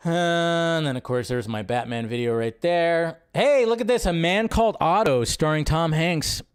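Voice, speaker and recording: A man's voice: fairly high pitch, normal speed, clear, resonant tone. A man hosting a live movie news stream, chatting casually in a rambling way and often repeating his phrases.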